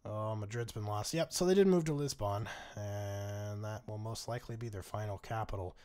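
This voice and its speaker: A man's voice: lowish voice, moderate pace, darkish tone, clear, resonant tone. A man casually commentating a strategy game, wry and chuckling, swearing freely as he reacts. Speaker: gaming channel host.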